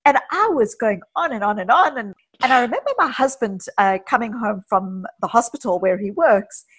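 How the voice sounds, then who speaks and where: A woman psychologist, a guest in an interview, talking earnestly and telling personal stories with quick asides. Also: fairly high pitch, lively intonation, fairly bright tone, breathy edge. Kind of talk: casual interview conversation.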